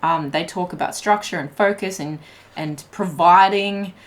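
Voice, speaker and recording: Chatty woman tarot reader, lowish voice. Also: a little slow. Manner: chatty, filler-heavy, frequent laughs. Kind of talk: casual tarot reading monologue.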